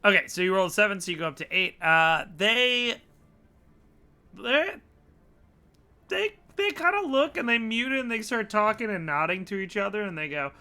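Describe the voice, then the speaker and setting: A man's voice: high-pitched, big pitch swings, moderate pace, bright, forceful tone, clean tone. A man narrating as game master of an online tabletop game, often laughing as he describes the scene. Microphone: remote call mic.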